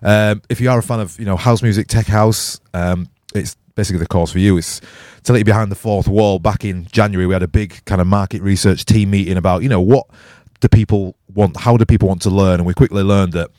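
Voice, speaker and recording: A man from hosting a casual podcast, chatty and laughing often, his voice a little croaky. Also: lowish voice, steady tone, fast, few pauses, dark tone, no room sound, clean studio sound. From England. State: slightly croaky after a night out. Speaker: podcast host. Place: music studio.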